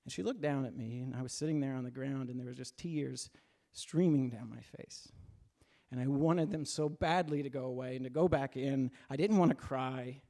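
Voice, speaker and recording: A man's voice: mid-range voice, normal speed, gravelly, warm tone. A man in his forties telling a true personal story on stage at a live storytelling event, candid and earnest, with wry self-deprecating touches.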